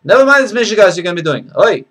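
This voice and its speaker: A man's voice: high-pitched, lively intonation, a bit bright, voice pushed up. A man doing a nagging, exasperated older man. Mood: scolding. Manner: scolding, rapid, exasperated.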